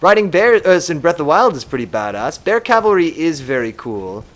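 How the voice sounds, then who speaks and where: A man with a fairly high voice commenting on a game on a live stream, his pitch swinging up and down as he rambles. He muses aloud and reads viewers' comments in a loose, casual way. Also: sing-song, fairly quick.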